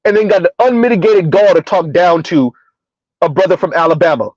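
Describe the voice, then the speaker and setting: Sarcastic high-voiced Southern man commentating. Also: a little fast, a little mellow, dry recording, highs cut off. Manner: sarcastic, mocking, emphatic. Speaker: commentary streamer. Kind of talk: reaction commentary to live chat.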